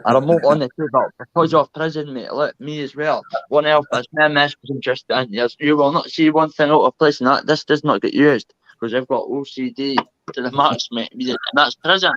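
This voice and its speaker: A man's voice: mid-range voice, steady tone, normal speed, a bit bright, dull audio. A man talking earnestly and at length as a guest, peppering his speech with "mate". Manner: earnest, rambling, says "mate" constantly. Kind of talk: casual chat.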